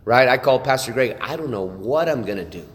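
A man's voice: mid-range voice, expressive, fairly quick. Earnest man telling a story in a reverberant hall. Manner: earnest storytelling with repeated restarts and "right?" asides. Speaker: church leader sharing testimony. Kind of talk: testimony talk to a church group.

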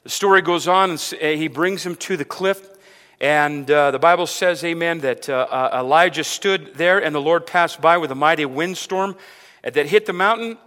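A male preacher in full sermon, voice bright and pitched a little high, swinging from low asides to loud, emphatic runs. He keeps asking the congregation questions and repeating words. The long reverb of a big hall hangs on every phrase. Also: moderate pace. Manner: repeats words, asks the crowd rhetorical questions; builds to loud emphatic stretches, then drops low.

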